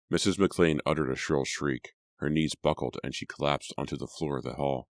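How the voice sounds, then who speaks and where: A male audiobook narrator reads in a measured, steady manner. His voice is extremely deep. The sound is dry and close, with no room around it. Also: gravelly, dry recording. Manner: measured storytelling. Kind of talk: scripted narration.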